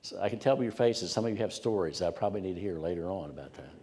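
Preaching a sermon to his congregation, a male pastor tells stories emphatically and leans on repeated words. His low, mellow voice is animated and very fast, surrounded by a long reverb filling the church hall.

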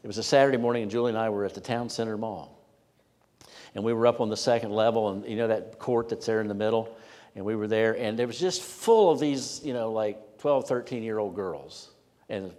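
A male pastor preaching an expository sermon. He swells with emphasis on key phrases and drops to quiet asides. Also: on the low side. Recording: long hall reverb.

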